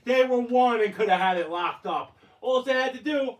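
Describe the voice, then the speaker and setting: A man's voice: extremely high pitch, moderate pace, roomy sound, recorded from a distance. A man co-hosting a casual sports talk show, chiming in and agreeing with his partner.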